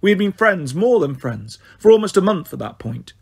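A man's voice: sits high, sing-song, normal speed, gravelly, slightly rough. A man narrating an audiobook in first person, telling the story expressively.

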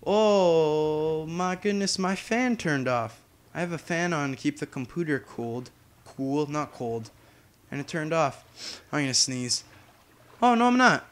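A man's voice: a little high, measured pace. A young man giving casual, chatty gameplay commentary as a YouTuber, humming and drifting off topic. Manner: chatty, distracted, hums to himself. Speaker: gaming YouTuber.

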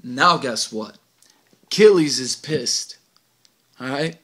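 A man's voice: on the high side, animated, normal speed, vocal fry, a bit bright. A man acting a cocky streetwise teenage delinquent in a stage monologue, boastful and slangy, recorded on a home video camera. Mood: swaggering. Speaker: actor in an audition monologue.

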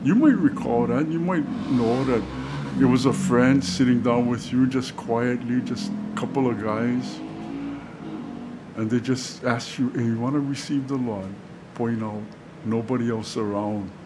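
Halting, conversational man preaching a sermon. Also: mid-range voice, very noisy. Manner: conversational, halting, many fillers and restarts. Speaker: pastor. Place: church sanctuary.

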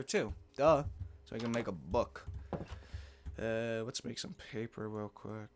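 A man's voice: lowish voice, slow pace, pauses often, noisy background. A man giving casual, profane, joking commentary while playing a game, talking to himself and mumbling asides. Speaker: let's play gamer.

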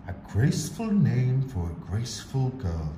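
A man voicing a friendly middle-aged shopkeeper in a slightly lowered, slow voice, read from a picture book in an echoey room. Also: huge pitch swings, dark tone, soft background music. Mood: kindly.

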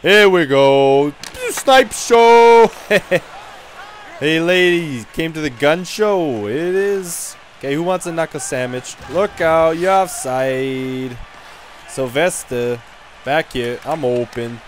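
A man's voice: fairly high pitch, takes it slowly, a little hiss or hum. A man voicing a brash, dim-witted young male hockey goon in rowdy, trash-talking game commentary. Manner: rowdy trash talk, frequent laughs. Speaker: gaming video creator. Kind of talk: in-character gameplay commentary.

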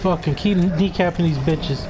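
A gamer giving live commentary while playing, swearing constantly and breaking into panicky shouts at the game. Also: mid-range voice, normal speed, heavy background noise.

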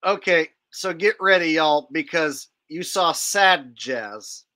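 Man, commentary host, slightly high, slow drawl, bright tone. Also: lively intonation. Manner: drawling, teasing, addresses viewers. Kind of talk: commentary on clips.

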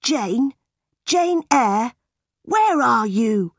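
A woman's voice: fairly high pitch, sing-song, moderate pace, husky, no room sound, studio quality. A woman voicing a whiny, bullying little boy. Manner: shouting, whining and crying out.

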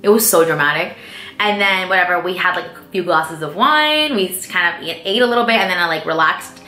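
Young woman vlogger, quick bright chatty delivery, echoey room with faint music behind. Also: on the low side, animated. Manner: chatty, fills speech with "like" and "um". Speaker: beauty vlogger answering viewer questions. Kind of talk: casual chat.

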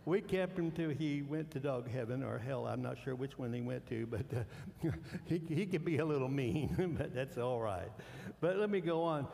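A male pastor preaching a sermon, animated, swinging between hushed and loud. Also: medium pitch, normal speed, creaky. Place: church sanctuary. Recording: long church hall reverb.

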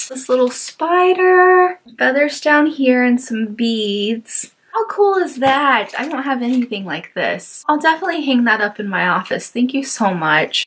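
A woman hosting a casual vlog as she opens mail, gushing and excitable with sudden squeals. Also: fairly high pitch, a little slow, hardly any pauses, background noise. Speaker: YouTube host.

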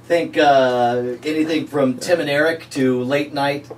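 A man's voice: fairly high pitch, measured pace, slight background noise. Chill guy talking on a video set, easygoing, sounds a bit far from the mic. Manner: relaxed and chatty, with fillers and laughs. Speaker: performer and host recording lines. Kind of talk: casual setup talk on a video shoot. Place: indoor video set under studio lights.

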